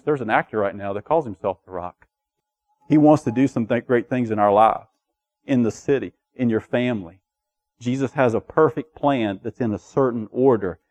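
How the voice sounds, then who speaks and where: A male pastor delivering a sermon in a church sanctuary, with a voice of ordinary middle pitch. He swings from hushed, intimate asides to loud, ringing declarations and slips into the voices of the people he quotes. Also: highs cut off. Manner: preaching with big swings between soft asides and loud declarations; acts out quoted voices in his preaching.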